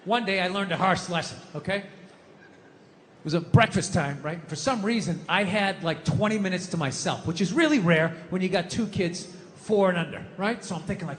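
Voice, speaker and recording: His voice sits high and moves at a moderate pace as this middle-aged man works through a stand-up set of loud, exasperated, swearing rants. Recorded in a live hall with long reverb, it carries slight background noise and the audience's laughter.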